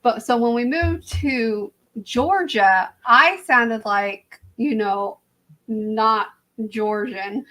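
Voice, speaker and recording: A woman's voice: fairly high pitch, drawn-out words, pushed and bright, rough recording. A young woman with a slight Southern accent chatting casually on a live stream, rambling, laughing often and trailing off mid-sentence. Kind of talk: casual chat.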